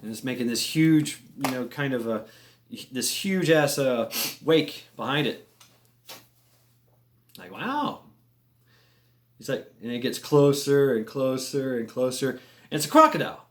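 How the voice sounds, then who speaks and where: A man casually telling a long story, rambling and animated, swearing freely and making little sound effects as he goes. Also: mid-range voice, moderate pace. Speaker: vlogger telling a military story.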